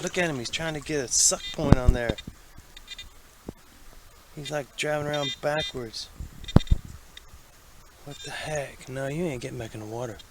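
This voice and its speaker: A man giving folksy, excitable commentary to a handheld camera as he metal detects in a creek, a bit out of breath. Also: mid-range voice, moderate pace, pauses often. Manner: excitable, folksy, talks to camera while working. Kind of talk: casual running commentary while detecting. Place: outdoors in a creek. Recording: outdoor camera audio with clear background noise.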